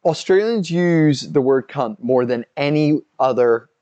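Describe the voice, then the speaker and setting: A man co-hosting a fight watch-along livestream, talking in excitable, profane banter and saying "dude" constantly. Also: a little high, a little slow, lo-fi sound.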